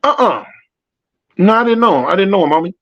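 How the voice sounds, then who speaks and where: A man's voice: high-pitched, expressive, fairly quick, a bit bright, lo-fi sound. A middle-aged man casually hosting a livestream, reading out viewer comments and asking for likes in loose, slangy street talk. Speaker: livestream host.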